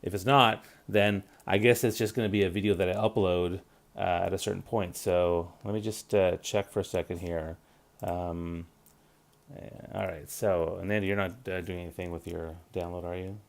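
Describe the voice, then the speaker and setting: Creaky and low-pitched, this forties-aged host of a live career-advice stream keeps a steady tone at a moderate pace. He talks loosely and casually, with many fillers and false starts.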